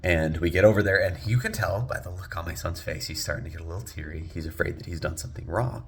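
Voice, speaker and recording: A man in his thirties, a father, telling a personal story in a lively way that rises loud and sinks to a hush. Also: fast, slight background noise. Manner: lively, climbs loud on exciting beats and drops low and hushed at tense moments.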